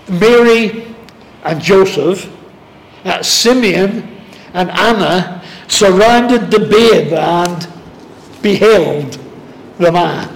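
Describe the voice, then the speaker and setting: A man teaching a Bible study in sermon style. He reads scripture slowly and deliberately, stressing words one at a time. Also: high-pitched, gravelly. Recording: long reverb of a large hall.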